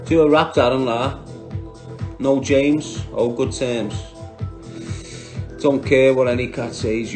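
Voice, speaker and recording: A man from Liverpool, England, with a Scouse accent, speaks on a livestream in a medium-pitched, darkish voice. He answers viewers by name, bluntly and combatively.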